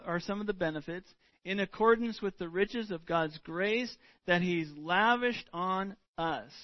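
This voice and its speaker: A middle-aged man preaching a sermon as pastor, earnest and deliberate, stretching out words for emphasis. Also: high-pitched, dry recording, muffled recording.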